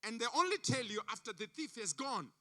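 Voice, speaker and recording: A man's voice: very high voice, sing-song, brisk, sharp tone. A man from Africa giving a sermon as a guest preacher, telling stories with emphatic repetition. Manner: emphatic storytelling, repeats phrases. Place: church service.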